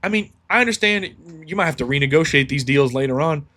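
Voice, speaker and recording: Guy ranting on his sports podcast, kinda high voice, swears a lot, all fired up. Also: expressive, fast, fairly bright tone. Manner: heated, profane ranting. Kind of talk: solo sports podcast rant.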